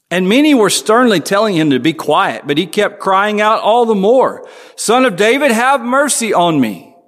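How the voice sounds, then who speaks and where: Male pastor, fairly high voice, chatty sermon delivery, long reverb from the sanctuary. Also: fairly bright tone. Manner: conversational preaching, asks the congregation questions.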